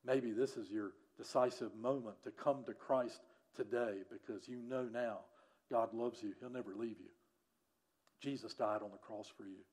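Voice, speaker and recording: A man preaching a sermon as a pastor, telling a story earnestly and often dropping to a hushed voice. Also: mid-range voice, fairly even intonation, moderate pace.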